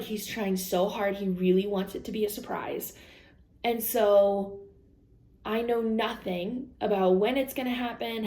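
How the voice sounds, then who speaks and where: Her voice on the high side and darkish in tone, a young woman rambles candidly in a casual vlog, laughing often and quoting her own and others' remarks. The room sounds echoey.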